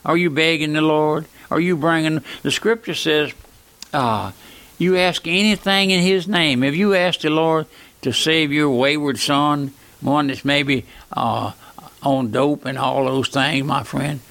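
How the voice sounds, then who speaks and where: A man's voice: on the high side, fairly even intonation, measured pace, a bit bright. An older man preaching a fervent radio sermon, pleading with his listeners through repeated rhetorical questions.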